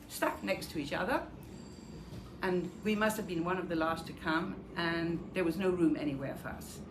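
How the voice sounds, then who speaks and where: An older woman from Denmark telling her own wartime memories in a vivid storytelling manner, acting out the dialogue. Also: fairly low pitch. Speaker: Holocaust survivor giving a talk. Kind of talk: personal memoir talk. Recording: echoey room with faint noise.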